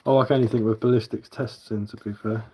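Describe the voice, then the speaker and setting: A man's voice: on the low side, steady tone, fast, dark tone, husky. A man with a southern English accent tinged with London, chatting casually on a live stream in a rambling, easygoing way with plenty of fillers. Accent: southern English with London influence. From south of England. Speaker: bushcraft livestreamer.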